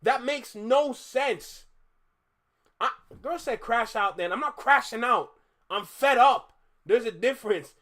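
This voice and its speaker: A man's voice: extremely high pitch, animated, measured pace, bright, forceful tone. A man hosting a live stream, ranting in exasperation at his viewers, repeating himself with bursts of laughter. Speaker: live-stream reaction host. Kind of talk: casual live-stream rant.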